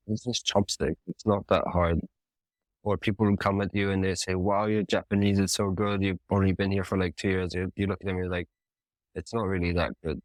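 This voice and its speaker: A man's voice: low-pitched, no echo. A man talking in a casual interview as a ceramic artist, thoughtful and searching for words. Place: living in Japan.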